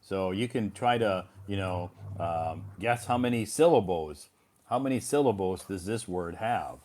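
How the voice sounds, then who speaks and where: Calm male English teacher. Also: low-pitched. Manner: calm, explains slowly and carefully. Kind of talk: casual live English lesson.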